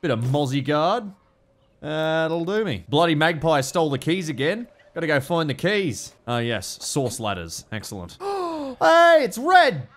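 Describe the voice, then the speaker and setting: A young Australian man giving excitable, foul-mouthed let's play commentary. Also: a little high, normal speed. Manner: excitable, swears a lot, laughs often. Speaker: gaming YouTuber.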